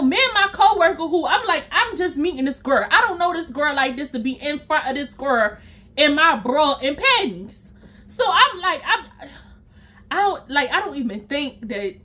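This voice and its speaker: A woman's voice: high-pitched, pushed and bright. A young woman vlogger telling a story in a casual way, speaking straight to her viewers and acting out her own reactions.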